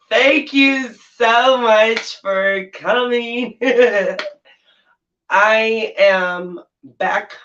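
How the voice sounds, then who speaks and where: A man's voice: high-pitched, drawn-out words, pauses often, sharp tone, a little hiss or hum. A man hosting a casual live stream from his bedroom, giggly and effusive, laughing often. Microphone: laptop mic at a distance. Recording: dull sound from a distant laptop mic.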